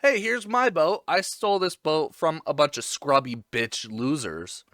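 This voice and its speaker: A man's voice: on the high side, animated, unhurried, a bit bright, no echo, studio quality. A man voicing a scheming young woman thief with a snippy manner, in a casual cartoon recap.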